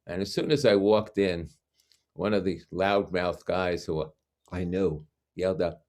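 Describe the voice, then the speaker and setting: A man's voice: low-pitched, fairly even intonation, measured pace, darkish tone. An older man from Brooklyn telling a personal story over a video call, reflective and acting out the voices of people he quotes. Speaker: guest speaker.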